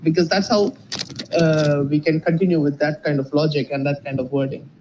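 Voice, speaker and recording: Male debate participant with a slightly high voice, measured and halting, recorded over clear background noise. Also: fairly even intonation, warm tone, low-quality recording. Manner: measured, hesitant with fillers and restarts. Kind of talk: live debate argument.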